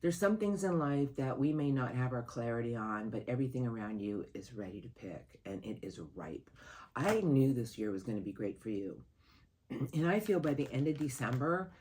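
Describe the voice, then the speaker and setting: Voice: mid-range voice, a little mellow, a little hiss or hum. A tarot card reader giving a monthly horoscope reading in an earnest, heartfelt, rambling way.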